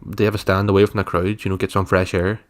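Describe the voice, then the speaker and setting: Irish man telling a story, low voice. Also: flat delivery, fast. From Ireland. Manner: storytelling, laughing, acts out quotes. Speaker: podcast co-host. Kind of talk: casual chat.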